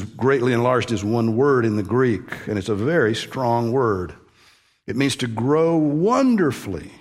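Husky-voiced man teaching a sermon. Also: medium pitch. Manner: conversational teaching with frequent restarts, stressing key words. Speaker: pastor.

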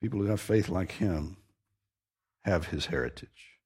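Male preacher, low husky voice, steady emphatic sermon delivery. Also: a little slow. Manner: emphatic, earnest teaching with repeated stressed phrases. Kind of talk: expository sermon.

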